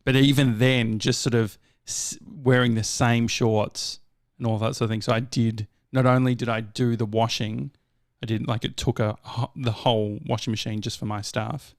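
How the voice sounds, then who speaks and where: A man's voice: mid-range voice, steady tone, normal speed, few pauses, no room sound, studio quality. An Australian man co-hosting a casual chat podcast, telling rambling stories and correcting himself as he goes. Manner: rambling, self-correcting storyteller. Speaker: podcast co-host.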